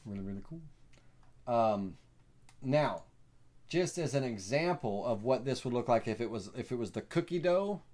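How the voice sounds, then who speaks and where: A man with a Southern US accent hosting a live software tutorial, rambling and folksy with lots of fillers. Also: mid-range voice, animated, normal speed. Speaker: host.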